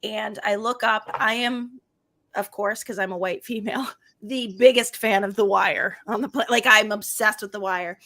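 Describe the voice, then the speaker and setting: Female co-host, bright and forceful tone, chatty and enthusiastic. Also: mid-range voice, steady tone, moderate pace. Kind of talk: casual chat.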